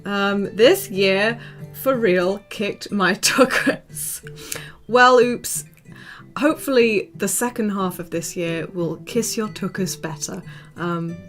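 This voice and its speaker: A young woman streaming, chatting casually with her viewers, rambling with many ums and soft laughs. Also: mid-range voice. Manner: rambling, frequent ums, soft laughs, talks to chat by name. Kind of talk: casual livestream chat. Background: soft guitar music.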